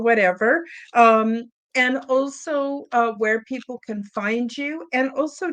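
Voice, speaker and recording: Attentive woman hosting an interview. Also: fairly high pitch. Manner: attentive, frequent affirming murmurs. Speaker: podcast host.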